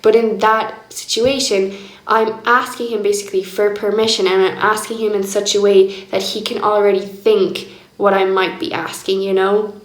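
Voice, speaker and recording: A woman's voice: medium pitch, level tone, normal speed. A young woman speaking candidly and reflectively in a personal diary vlog, laughing often as she talks. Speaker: vlogger. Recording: echoey room.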